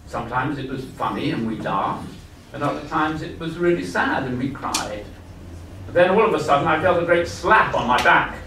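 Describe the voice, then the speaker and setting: A man's voice: a little high, animated, normal speed, sharp tone. A man reading his own first-person story aloud at a live literary event, earnest and confiding. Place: festival event hall. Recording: echoey hall, far mic, background noise.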